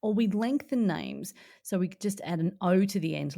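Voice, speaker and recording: A woman's voice: mid-range voice, animated, moderate pace, vocal fry, hardly any pauses, dark tone. An Australian woman co-hosting a podcast, chatting in an upbeat, enthusiastic way. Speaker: podcast co-host. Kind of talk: casual chat.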